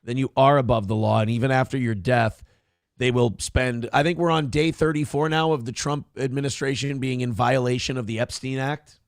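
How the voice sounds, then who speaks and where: A man's voice: mid-range voice, fairly even intonation, brisk, no room sound, clean studio sound. A man hosting a casual political morning talk show, talking in a profane, sarcastic and rambling way.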